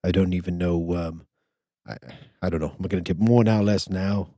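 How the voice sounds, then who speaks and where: Brisk and steady, this older man's low, mellow voice is captured with studio quality and no echo. As a podcast host, he spins a wandering, conversational story, frequently stammering and starting his sentences over.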